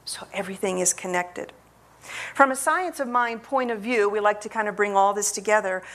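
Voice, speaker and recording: A woman minister telling a story and then giving a measured, earnest sermon. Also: medium pitch, a bit bright.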